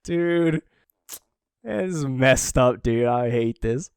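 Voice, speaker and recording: A man's voice: mid-range voice, expressive, slow, clean tone, dry recording, clean studio sound. A man co-hosting a podcast, chatting casually and reading comic panels aloud with sighs. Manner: emotional, sighing, reads dialogue quietly. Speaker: podcast co-host.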